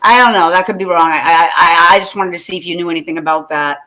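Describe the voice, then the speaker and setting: A woman's voice: lowish voice, fast, pushed and bright. A woman co-hosting a casual talk show, rambling and laughing often as she chats. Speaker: podcast co-host. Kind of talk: casual chat.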